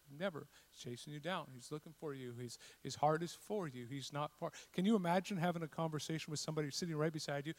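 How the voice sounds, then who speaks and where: A man preaching a sermon, telling a scripture story and building to loud, passionate repetition. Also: on the high side, fairly quick. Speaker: pastor.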